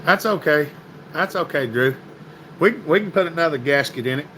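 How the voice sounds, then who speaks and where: A man's voice: a little high, animated, normal speed, fairly bright tone, slight background noise, poor audio. A man hosting a casual livestream, reading viewer comments and greeting people by name in a folksy, chatty way. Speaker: livestream host.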